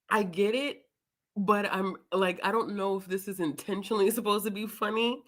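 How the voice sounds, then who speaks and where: A woman's voice: mid-range voice, fairly even intonation, moderate pace. A woman hosting a book vlog, chatting casually with viewers and laughing often between words as she talks. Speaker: book vlogger hosting a reading sprint.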